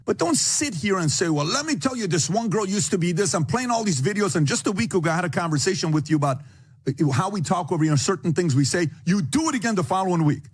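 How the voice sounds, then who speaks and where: A podcast host confronting a colleague, stern and lecturing in a heated exchange. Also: male voice, high voice, slightly rough.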